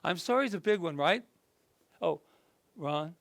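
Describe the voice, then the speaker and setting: A minister speaking lively and warm-toned. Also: male voice, on the high side, creaky, no room sound. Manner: lively and conversational, softening into slow soothing guidance. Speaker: minister leading a workshop. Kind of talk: workshop talk and guided meditation. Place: indoor group session room.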